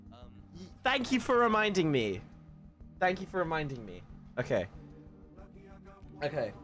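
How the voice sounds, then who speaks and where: A man's voice: medium pitch, wildly swooping pitch, moderate pace, long pauses. A man with a British accent chatting casually with his live-stream viewers in a playful, teasing way, swearing and laughing often. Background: faint lo-fi music.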